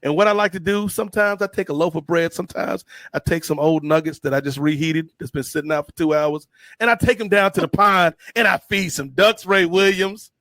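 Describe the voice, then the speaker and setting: A man co-hosting a podcast, telling stories in an animated, slangy way. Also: high-pitched, brisk, no room sound. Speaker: podcast co-host. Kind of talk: casual storytelling chat.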